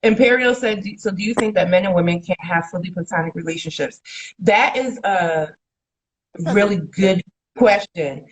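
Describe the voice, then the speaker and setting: A woman's voice: on the low side, moderate pace, poor audio. A young adult woman co-hosting a casual podcast, speaking candidly and laughing as she tells stories about friendships. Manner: candid, laughs as she talks, quotes others in big voices. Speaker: podcast co-host. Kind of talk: casual chat.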